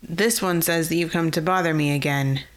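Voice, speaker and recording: A woman voicing a gruff, wounded half-orc overseer who speaks in a blunt, grumbling way, close to her own voice. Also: sits low, steady tone, moderate pace, lightly acted.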